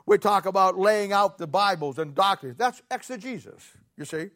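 A man's voice: sits high, lively intonation, moderate pace, a bit bright. A male pastor, preaching a folksy, sarcastic sermon full of rhetorical questions to his congregation.

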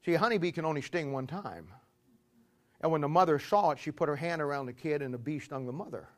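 A man's voice: fairly high pitch, fast. Folksy preacher man with a raised voice. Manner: builds to loud shouting climaxes, then drops quiet; repetitive, clears throat often. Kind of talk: folksy sermon storytelling.

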